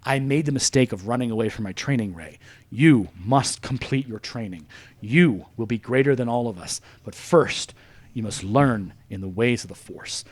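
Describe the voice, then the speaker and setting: A man voicing an aging male Jedi master as a calm, solemn mentor, a slow, deep retelling inside a casual podcast chat. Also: lightly acted.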